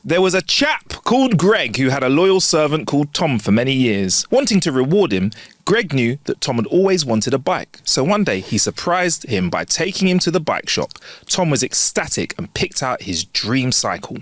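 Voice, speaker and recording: Animated man telling jokes. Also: medium pitch, moderate pace, hardly any pauses, no echo. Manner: animated, chuckling, slangy. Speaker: podcast co-host reading listener jokes. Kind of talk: casual comedy chat. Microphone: close studio mic.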